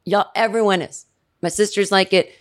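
A woman in her forties hosting a podcast, telling a rambling comedic story in a chatty way and mimicking her family with shrill yells. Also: steady tone, moderate pace. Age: 40s. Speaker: podcast host. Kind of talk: casual comedic monologue.

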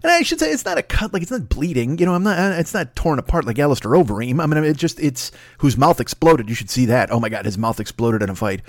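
A man of middle pitch hosts his own podcast alone in a rambling comic monologue. He swears freely and mocks himself. His voice is close and dry, with no room sound. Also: lively intonation, no room sound. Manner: profane, self-mocking, rambling; talks fast, then slows down. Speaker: podcast host.

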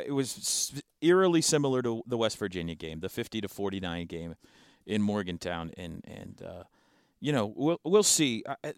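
A man co-hosting a sports talk show in casual chat, playful and animated, breaking into sound effects. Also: medium pitch, smooth, dry recording, studio quality.

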